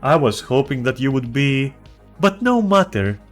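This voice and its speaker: A man imitating a dejected male fantasy game merchant, speaking slowly and cryptically. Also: mid-range voice, very animated, faint music behind. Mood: mournful.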